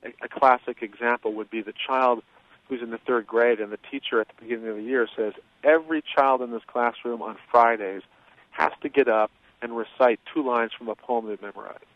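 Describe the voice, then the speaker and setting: A man's voice: medium pitch, steady tone, no echo. Man explaining over a tinny line. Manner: measured, explanatory, many fillers. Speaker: guest expert on childhood trauma. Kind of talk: interview explanation. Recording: tinny phone-line sound.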